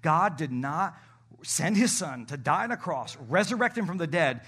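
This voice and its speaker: A middle-aged man preaches from the pulpit of a church. His voice is bright and sits a little high. He keeps swelling into emphatic calls to the congregation. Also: lively intonation, moderate pace, breathy edge. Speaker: pastor. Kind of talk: sermon.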